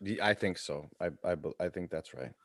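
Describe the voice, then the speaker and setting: Man, very low voice, laid-back, hesitant, casual gaming chat, dry recording. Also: normal speed, gravelly, a bit bright, dry recording.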